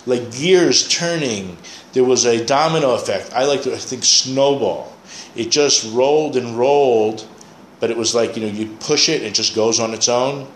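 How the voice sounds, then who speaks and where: Guy teaching torah class, mid-pitched voice, thinks out loud, kinda echoey room. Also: a little hiss or hum. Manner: explains Hebrew words, thinks aloud with restarts. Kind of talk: Bible class lecture. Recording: echoey room, faint ambience.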